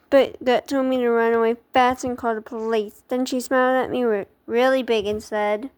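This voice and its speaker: A woman reading a children's book aloud in an expressive, dramatic way, with small stumbles. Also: a little high, moderate pace, hardly any pauses, clear, resonant tone.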